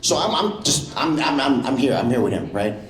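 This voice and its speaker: Animated male stand-up comic. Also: mid-range voice, normal speed. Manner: animated, jumps into loud impressions. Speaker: stand-up comedian. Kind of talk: stand-up comedy set. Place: comedy club stage. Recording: echoey comedy club.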